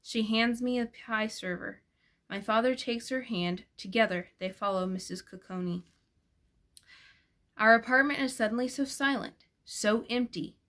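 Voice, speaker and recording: A woman's voice: a little high, a little slow, a bit bright. Woman reading a novel aloud. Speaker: audiobook reader. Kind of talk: first-person audiobook narration.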